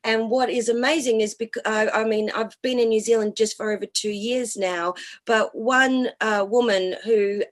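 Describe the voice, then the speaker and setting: A woman's voice: fairly high pitch, fairly even intonation, normal speed. A woman, a cabaret and burlesque performer, talking enthusiastically as a guest in a radio interview, piling up long lists.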